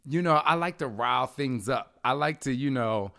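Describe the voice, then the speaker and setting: Animated, playful man telling stories. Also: mid-range voice, normal speed, gravelly. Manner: animated storyteller, acts out kids' voices. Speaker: podcast host. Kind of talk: casual chat with spouse.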